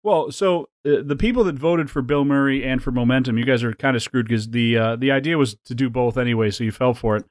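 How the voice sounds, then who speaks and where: A man's voice: medium pitch, fairly quick, hardly any pauses, no room sound, clean studio sound. Rambling, chatty male podcast host. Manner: rambling, with frequent fillers and laughs. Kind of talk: casual chat.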